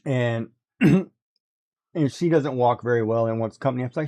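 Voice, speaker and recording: A man chatting casually on a livestream, telling animated stories, laughing often and mimicking others. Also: medium pitch, normal speed, pauses often. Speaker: guest on a craft livestream. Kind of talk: casual chat.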